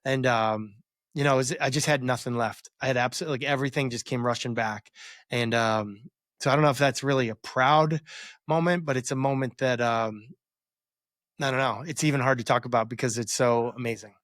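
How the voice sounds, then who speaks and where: A man in his forties talks through a personal memory, circling back with fillers and restarts. His voice sits in a middle pitch. The recording is close and dry. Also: brisk, a bit bright, no echo. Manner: rambling, many fillers and restarts. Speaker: guest, former quarterback. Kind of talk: reflective storytelling interview.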